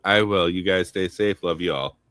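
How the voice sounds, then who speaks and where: A man's voice: low voice, normal speed, a bit bright, smooth, no room sound, clean studio sound. A man narrating a tabletop game as game master on a live talk show, playful and laughing often.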